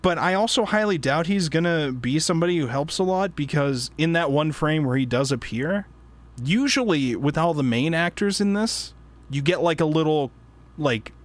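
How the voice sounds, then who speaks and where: A man's voice: on the high side, lively intonation, moderate pace. A man with a slightly raised voice chats casually in a book club discussion. He rambles through fillers and false starts, laughing often as he talks. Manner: rambling, laughing, frequent fillers and self-interruptions. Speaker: podcast host.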